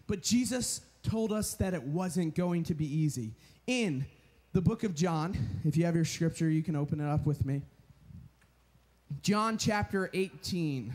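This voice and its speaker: A young man giving a storytelling sermon at a retreat, animated and chatty with lots of filler words. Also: a little high, a little slow. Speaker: retreat speaker.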